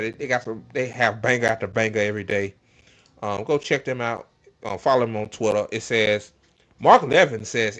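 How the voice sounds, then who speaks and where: Animated, exasperated man ranting casually. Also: medium pitch. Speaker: host. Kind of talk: casual political commentary stream.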